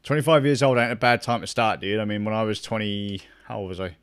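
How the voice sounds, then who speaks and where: A man's voice: on the low side, fairly even intonation, fast, clear, resonant tone. A young man chatting casually with his stream viewers, rambling, swearing a lot and laughing often. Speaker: gaming streamer.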